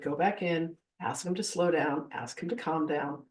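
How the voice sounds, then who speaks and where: Woman, 50s, spiritual teacher giving a class, animated storyteller who voices her quotes, recorded from a distance. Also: sits low, normal speed. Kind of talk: live masterclass storytelling.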